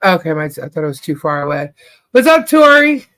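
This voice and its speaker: A woman's voice: deep voice, sing-song, brisk, fairly bright tone. A woman hosting a casual livestream chat. She greets viewers by name, laughs often and is losing her voice. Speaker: livestream host.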